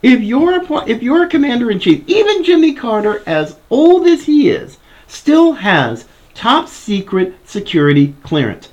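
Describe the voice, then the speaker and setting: A man with a high voice that swings widely in pitch hosts a political commentary show. He reads a news article aloud and keeps breaking off to protest with indignation. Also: sing-song, measured pace, few pauses, darkish tone, highs cut off. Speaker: podcast host.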